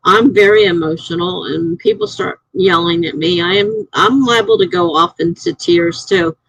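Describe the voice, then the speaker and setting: A middle-aged woman hosting a live stream, chatting casually and rambling through stories, getting animated when she is indignant. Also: fairly low pitch, normal speed, vocal fry, slightly rough, dry recording, low-quality recording. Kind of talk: casual live-stream chat reading comments.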